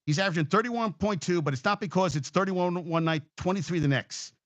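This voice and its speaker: A man's voice: high-pitched, brisk, a bit bright, no echo, highs cut off. A man hosting a casual sports talk show, rambling, swearing freely and getting emotional as he talks.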